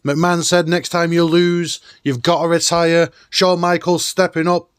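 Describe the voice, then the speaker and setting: A man hosting a nostalgic countdown video, talking in an enthusiastic, chatty way. His voice is clear and smooth, and it sits a little high. It is recorded dry and close. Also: level tone, a little slow, no echo. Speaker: host.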